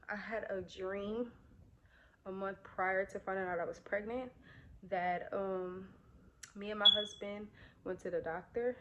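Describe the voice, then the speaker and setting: A woman's voice: mid-range voice, a little hiss or hum. A young woman vlogger, a bit out of breath, chatting casually to her viewers as she tells a personal story. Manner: chatty, many fillers, addresses viewers directly.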